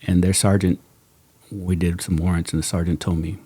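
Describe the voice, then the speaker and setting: In a dry recording, a middle-aged man with a low, slightly rough voice hosts a podcast at a moderate pace. He tells stories casually, bringing quotes to life and laughing often.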